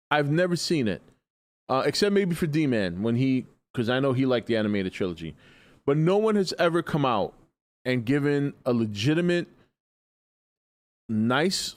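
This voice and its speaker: A man's voice: mid-range voice, no room sound. A man hosting a casual live stream in a groggy, just-woken voice, rambling and opinionated as he answers chat and swears freely. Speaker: livestream host.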